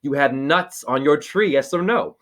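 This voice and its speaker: A somewhat high-voiced man talks over a video call as a spiritual teacher. He is preachy and rambling, and his voice jumps up in sudden excited exclamations. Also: normal speed. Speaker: spiritual teacher giving a name reading.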